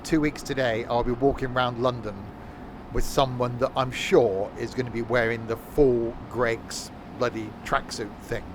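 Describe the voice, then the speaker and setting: A man's voice: mid-range voice, fairly even intonation, normal speed, noisy background. Joking man streaming a game. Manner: joking banter, reading viewers' chat. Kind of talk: casual gameplay commentary.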